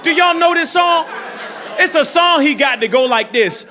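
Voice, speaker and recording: A man performing a loud, animated stand-up set in a comedy club, telling stories full of voices and shouts. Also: very high-pitched, moderate pace. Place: comedy club with live audience. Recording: live club recording with crowd laughter and noise.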